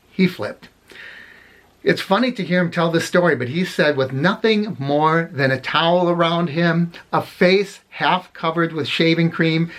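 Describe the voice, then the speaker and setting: A man's voice: mid-range voice, fairly bright tone. A middle-aged man casually telling funny anecdotes, rambling and correcting himself as he goes. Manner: rambling, self-correcting, chuckles at his own stories. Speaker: storyteller vlogger.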